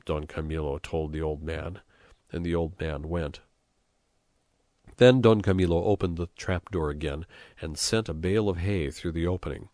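A man narrating an audiobook at a measured storytelling pace. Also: low-pitched, fairly even intonation, a little mellow, dry recording, studio quality. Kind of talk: scripted narration.

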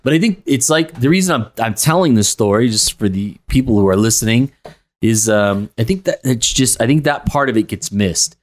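Relaxed male coach musing on a podcast. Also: mid-range voice, a little fast. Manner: relaxed, reflective, lots of "um" and "so". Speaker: podcast co-host, sales coach. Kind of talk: casual podcast chat.

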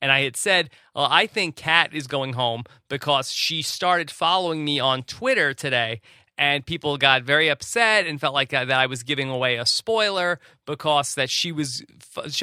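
A man's voice: medium pitch, bright, forceful tone, clear, resonant tone, dry recording, studio quality. A man hosting a podcast, talking in a conversational, explanatory way. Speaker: podcast host. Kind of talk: podcast monologue.

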